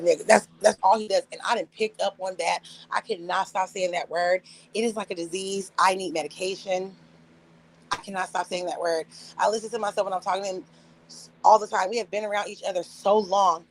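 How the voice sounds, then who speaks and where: A woman's voice: medium pitch, steady tone, fairly quick, rough recording. A woman in her forties chatting casually on a livestream, telling blunt, profane stories and acting out quotes in other voices with frequent laughter. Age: 40s. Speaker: live streamer.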